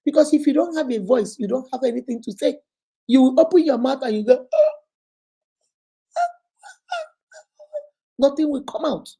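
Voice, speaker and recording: A woman with a somewhat high, husky voice gives motivational relationship advice with a preacher's insistence. Her tone is mellow rather than bright, and she talks straight to her listeners as sister and baby. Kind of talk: motivational faith-based advice talk.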